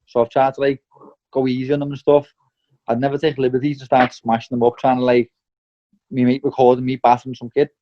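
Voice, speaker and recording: A young professional boxer gives a candid interview at a quick pace, his medium-pitched voice level as he talks bluntly, swears freely, and drops "mate" and "lad" along the way. The audio is slightly dull and lo-fi.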